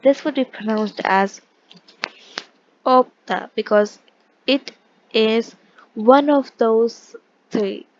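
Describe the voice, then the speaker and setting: Higher-voiced woman teaching a language lesson. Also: slow pace, pauses often, a little mellow, highs cut off, slight background noise. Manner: explains patiently, with frequent restarts and check-ins. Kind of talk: casual online lesson explaining pronunciation.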